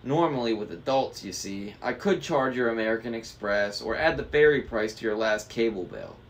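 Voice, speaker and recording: A man voicing a smooth, greedy ferryman of the dead who poses as a guard, in a put-on British-ish foreign accent, sweetly cold and drawing out his words. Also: medium pitch, expressive, moderate pace, natural voice. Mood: smug, greedy.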